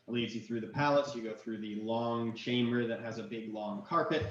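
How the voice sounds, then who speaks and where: A man narrating as game master in a relaxed way with many fillers, recorded in an echoey room with dull, lo-fi sound. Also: medium pitch, moderate pace.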